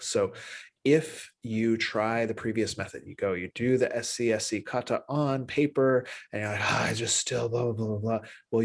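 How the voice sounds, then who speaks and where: Animated man teaching an empathy class. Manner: animated, acts out little dialogues with pitch jumps; loose, restarting delivery with tags like "right?". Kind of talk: spoken class lecture.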